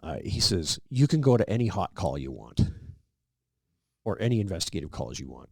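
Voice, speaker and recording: Middle-aged man with a very deep, gravelly voice, relaxed podcast guest spinning anecdotes and playing out the dialogue. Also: fairly quick, no room sound, studio quality. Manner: relaxed anecdotal storyteller, acts out quoted dialogue. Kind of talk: casual storytelling interview.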